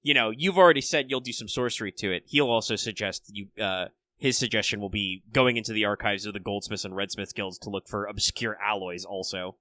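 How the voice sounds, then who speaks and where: A man co-hosting a podcast and running a tabletop game, talking casually and haltingly, with many repeated starts as he searches for words. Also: lowish voice, sharp tone, dry recording. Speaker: podcast co-host and game master. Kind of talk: casual chat.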